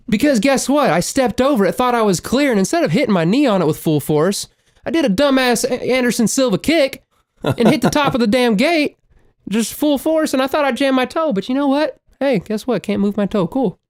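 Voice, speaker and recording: A man co-hosting a podcast, telling stories in a casual, profane and animated way, with loud exclaimed quotes. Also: very high voice, a little fast, no echo, clean studio sound. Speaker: podcast co-host. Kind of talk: casual chat, storytelling.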